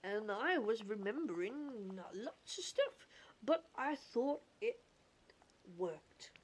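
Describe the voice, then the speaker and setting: A woman's voice: on the high side, big pitch swings, takes it slowly, slight background noise. A woman voicing a bumbling, forgetful male cartoon dog in a folksy put-on accent, reading game dialogue aloud. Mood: muddled.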